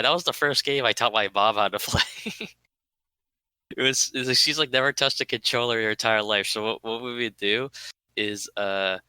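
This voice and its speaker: A man's voice: lowish voice, bright, forceful tone, smooth, dry recording. A man co-hosting a podcast, rambling casually with lots of fillers. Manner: rambling, heavy on "like", laughs while telling stories. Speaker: podcast co-host. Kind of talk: casual chat.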